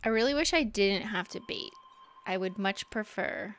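A woman streaming a game live, talking in an animated way that swings from alarmed yelps to gentle, soothing chatter. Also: medium pitch, normal speed. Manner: animated, shrieks when startled, soothing baby talk to her cat.

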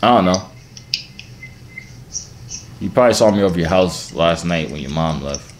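A man's voice: deep voice, expressive, normal speed. A man hosting random video chats, teasing and joking with the strangers he meets. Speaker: video chat host. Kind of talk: casual video chat banter. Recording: noisy video chat audio.

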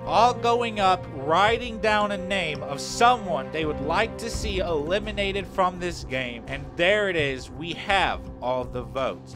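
A young man casually narrating a story in slang, with swearing. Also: high-pitched. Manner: slangy, profane, laid-back.

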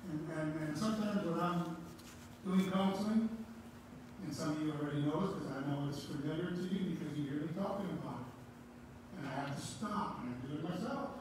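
A man's voice: a little high, moderate pace, noisy background. A man preaching a sermon, emphatic, repeating key words for stress. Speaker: pastor. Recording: echoey room, voice from far off.

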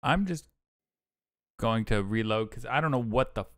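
A man's voice: mid-range voice, animated, normal speed, a bit bright, dry recording. A young man casually commenting on his gameplay in a rambling, profane, joking way. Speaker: gaming streamer.

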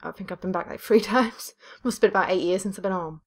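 A woman from northern England riffing through casual game commentary, mid-pitched, crude and teasing, breaking into laughter often. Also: fast talker, darkish tone, husky. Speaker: YouTuber.

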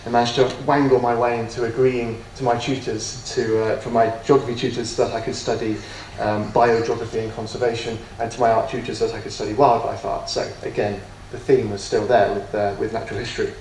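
A man giving an autobiographical lecture, hesitant and self-deprecating, filling pauses with ums and restarting his sentences. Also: medium pitch, little pitch movement, a little mellow. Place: lecture room. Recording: echoey room from far off, faint noise.

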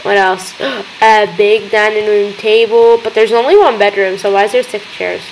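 A young woman hosting a gaming video, chattering excitedly as she plays and talking to the characters on screen. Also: medium pitch, moderate pace, a little hiss or hum, poor audio. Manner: excitable, gasping, talks to game characters. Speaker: gaming channel host. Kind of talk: let's-play commentary.

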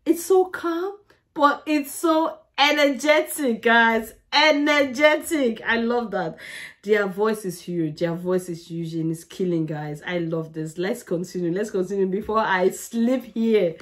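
A woman's voice: medium pitch, a little slow. A woman from Nigeria, hosting a music reaction channel and gushing over a song. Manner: gushing and excitable, keeps saying "guys". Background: faint song playing.

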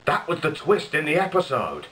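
A man's voice: fairly high pitch, huge pitch swings, moderate pace, fairly bright tone, slight background noise. A man vlogging in a dry, sardonic comic monologue. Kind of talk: comedic monologue vlog. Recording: echoey room with faint ambience.

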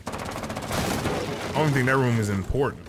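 A man's voice: medium pitch, slow, very noisy. A man hosting a gaming video, chatting casually with a friend while they play, laughing often and telling teasing stories. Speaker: gaming channel host.

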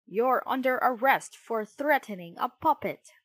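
Policeman, stern and officious, measured delivery, read by a woman. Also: on the high side, animated, dry recording, voice pushed up.

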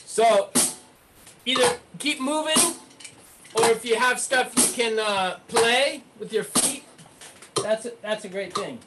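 A woman's voice: on the high side, measured pace. A woman teaching a rhythm lesson, counting and chanting rhythm syllables in time while coaching her students. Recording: clear background noise.

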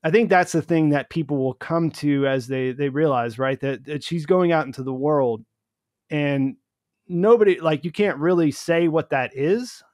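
A man's voice: fairly high pitch, normal speed, darkish tone, no room sound, studio quality. A man hosting a casual discussion, rambling, with many restarts and fillers. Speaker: host.

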